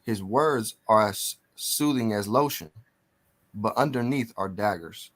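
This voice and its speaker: A man on a call reading Bible verses aloud in a steady, measured way. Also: fairly low pitch. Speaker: participant reading scripture. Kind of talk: scripture reading.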